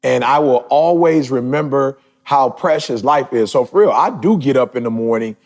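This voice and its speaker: A man in his forties hosting a podcast, talking casually and emphatically, his voice building toward shouts. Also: medium pitch, moderate pace. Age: 40s. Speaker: podcast host.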